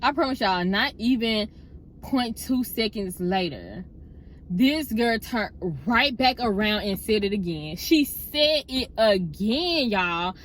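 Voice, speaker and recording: A woman chatting in a car, telling a story straight to her viewers in a casual, expressive way. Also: mid-range voice, slow pace, slight background noise. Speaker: storytime vlogger.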